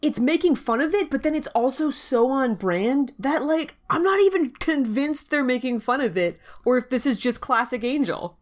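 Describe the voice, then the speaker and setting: Young female podcast host, animated and quick to laugh. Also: high-pitched. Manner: laughs often, lively and expressive. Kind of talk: casual chat.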